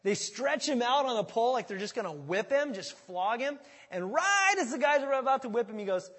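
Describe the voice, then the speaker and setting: A man preaching a sermon as pastor, talking in a conversational, animated way and joking with his congregation. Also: high voice, fast, long reverb tail.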